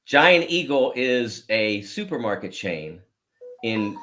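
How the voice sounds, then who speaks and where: A man's voice: medium pitch, big pitch swings, takes it slowly, a bit bright. A man grew up around Pittsburgh, a sports writer guest on a radio show who explains things with many stammered repeats. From Pittsburgh area. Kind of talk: casual radio interview chat.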